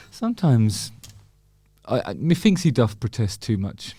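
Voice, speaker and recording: A man's voice: mid-range voice, big pitch swings, unhurried, warm tone, breathy edge. A man with an English accent hosting a casual, chatty commentary on a song, full of wry joking asides. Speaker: music video host.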